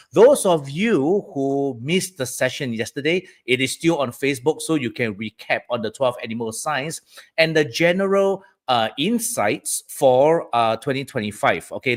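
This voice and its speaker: A man from Southeast Asia giving a live-streamed talk on feng shui to his audience. He keeps the tone chatty, dropping frequent "okay, guys" and "all right" check-ins between points. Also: medium pitch. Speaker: feng shui teacher hosting a live session.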